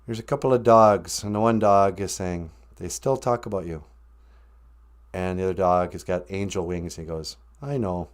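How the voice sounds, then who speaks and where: Soft-spoken deadpan man. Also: sits low, moderate pace. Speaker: podcast host. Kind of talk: casual comedic podcast chat.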